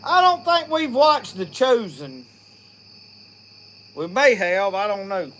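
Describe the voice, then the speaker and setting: A man's voice: high voice, sing-song, slow pace, a bit bright, slight background noise. A middle-aged man with a Mississippi accent, hosting an outdoors live stream and chatting with viewers in a rambling, folksy way. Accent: Southern US, Mississippi. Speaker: outdoors channel host. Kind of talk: casual live-stream chat. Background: faint crickets and insects.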